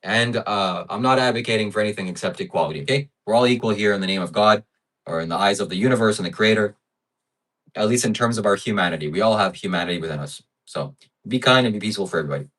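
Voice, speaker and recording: A man hosting a casual livestream and reading chat, turning sarcastic and mock-outraged, then softly preachy. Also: on the low side, fast. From Ukraine.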